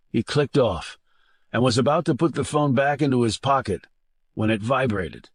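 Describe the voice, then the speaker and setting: A man's voice: mid-range voice, moderate pace, breathy edge, dry recording. Man narrating a thriller audiobook. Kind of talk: scripted narration.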